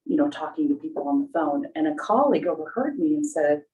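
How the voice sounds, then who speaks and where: Low-voiced woman on a distant video call. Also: lively intonation, fast talker, warm tone, dull audio, a little hiss or hum. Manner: earnest, explanatory. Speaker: panelist. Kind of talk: webinar panel talk.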